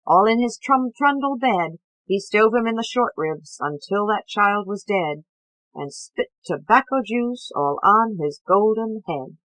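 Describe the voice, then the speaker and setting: A woman's voice: on the high side, no room sound, voice pushed up, rough recording. A woman reading a playful young man who banters wryly and idly. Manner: wry, idle banter; nasal monotone when singing. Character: playful, teasing young man with a mocking wit.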